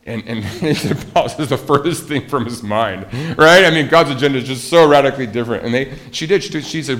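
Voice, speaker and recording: A man's voice: medium pitch, a little fast, hardly any pauses, fairly bright tone. A male pastor preaching a sermon in an earnest, emphatic way, often restarting his sentences.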